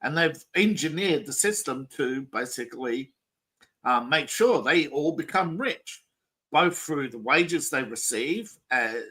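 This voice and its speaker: A man's voice: mid-range voice, pushed and bright, poor audio. A man hosting a casual political talk show, rambling and opinionated, with frequent restarts. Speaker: podcast host.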